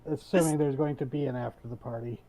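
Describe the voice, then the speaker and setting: A man playing a tabletop game over an online voice session, talking in a relaxed, joking way. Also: medium pitch, quick pace, rough recording. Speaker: player. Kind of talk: casual game talk.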